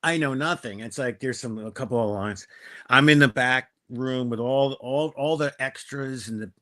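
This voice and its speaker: A middle-aged man tells stories on a show in an animated, chatty way, acting out the dialogue as he goes. His voice is bright and forceful, at an ordinary pitch for a man. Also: moderate pace. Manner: animated, acts out quoted dialogue. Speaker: guest actor. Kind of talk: casual storytelling.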